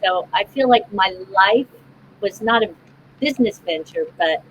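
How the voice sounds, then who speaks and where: Casting note: middle-aged woman, mid pitch, thoughtful, hesitant, video call. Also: lively intonation, unhurried, dull audio, a little hiss or hum. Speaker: actor on a panel. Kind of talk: casual panel chat.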